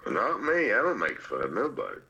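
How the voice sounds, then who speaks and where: A man's voice: lowish voice, huge pitch swings, a little fast, creaky, sharp tone, highs cut off. A man co-hosting a podcast in casual chat, joking, folksy and profane. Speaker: podcast co-host.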